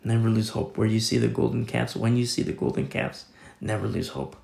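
Man preaching, very gravelly voice, chatty sermon, echoey room. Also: medium pitch, a little fast, a little mellow. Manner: casual, conversational preaching with fillers. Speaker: pastor.

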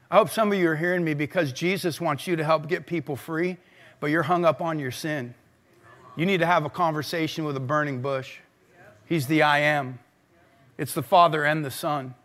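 An energetic man preaches a sermon from the pulpit, often calling out to his congregation to answer him. His voice sits high and comes across bright and forceful. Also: moderate pace. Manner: energetic, calls on the congregation to respond. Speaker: pastor. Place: church service.

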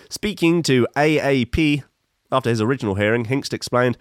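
A man's voice: mid-range voice, normal speed, clear, resonant tone, dry recording, clean studio sound. A man in his fifties reading odd news stories and adding wry, rambling comic asides, with many fillers. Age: 50s. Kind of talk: casual comic news commentary.

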